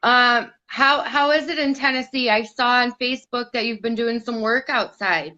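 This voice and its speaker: A woman's voice: a little high, normal speed, bright, forceful tone. A woman from Michigan with a Midwestern accent, co-hosting a live call in a chatty, giggly way. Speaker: co-host. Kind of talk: casual chat. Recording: dull lo-fi online audio.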